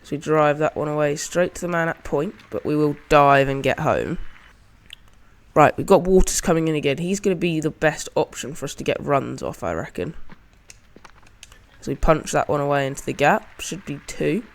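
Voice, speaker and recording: A man's voice: on the high side, moderate pace. A man giving casual, chatty commentary over his own gameplay as a channel host, narrating each shot as he plays it.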